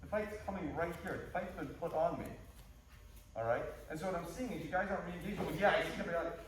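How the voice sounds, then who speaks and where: Animated man coaching in an echoey gym. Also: on the high side, fast talker, slight background noise. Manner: animated, acts out quoted dialogue while coaching. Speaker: martial arts instructor. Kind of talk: teaching a class. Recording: echoey gym heard from a distance.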